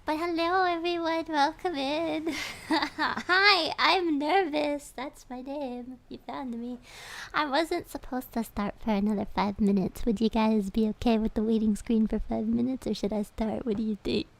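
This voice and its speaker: A woman's voice: a little high, steady tone, normal speed, creaky, a little mellow. A young woman streamer chatting casually with her viewers, giggly and nervous, repeating her greetings. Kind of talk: casual livestream chat.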